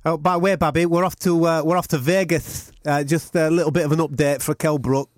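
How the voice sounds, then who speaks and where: Man putting on a brash boxer, cocky and slangy, a touch high, dry sound. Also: steady tone, fairly quick, no room sound, lightly acted.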